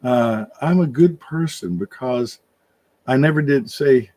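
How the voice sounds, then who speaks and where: An older man in casual conversation, thinking out loud in a rambling way, with many restarts and fillers. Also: medium pitch, measured pace, no echo. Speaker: podcast co-host. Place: room with his wife nearby.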